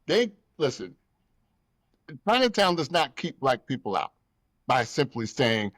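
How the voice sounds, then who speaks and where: Hosting a laid-back podcast, this man speaks at medium pitch and a measured pace, with no echo on the recording. He tells emotional stories, plays the characters himself, and curses without holding back.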